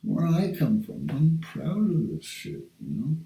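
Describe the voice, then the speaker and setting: A man's voice: fairly high pitch, big pitch swings, unhurried, vocal fry, dark tone. An older man from Canada, talking in a rambling, profane monologue for a personal video. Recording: roomy sound, distant from the mic.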